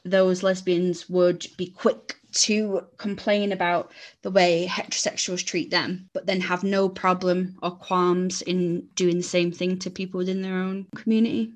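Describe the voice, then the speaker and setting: A woman's voice: on the low side, level tone, a little slow. Blunt woman, frank podcast talk. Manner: frank and blunt, with swearing and self-mocking asides. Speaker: podcast co-host. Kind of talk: candid conversational storytelling.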